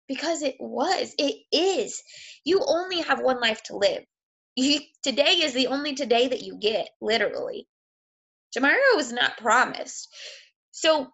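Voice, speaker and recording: A woman's voice: a little high, vocal fry, fairly bright tone. A woman, a fitness coach giving a blunt, emotional motivational talk, sick and close to tears, swearing freely.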